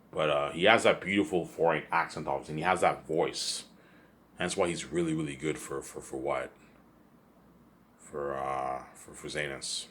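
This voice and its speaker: A man's voice: a bass voice, steady tone, moderate pace, fairly bright tone. A man rambling in a casual solo monologue, repeating himself and often adding "you know what I'm saying.". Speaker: vlogger.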